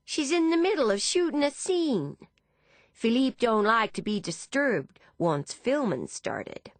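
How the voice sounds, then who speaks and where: A woman's voice: fairly high pitch, big pitch swings, unhurried, no echo, voice pushed up. A woman voicing a flirtatious, offhand American woman with a Texan accent, drawling and casual.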